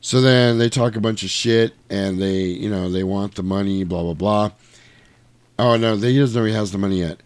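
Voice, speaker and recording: A man casually retelling a movie plot in chat, animated and swearing, acting out lines in put-on voices. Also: lowish voice, normal speed.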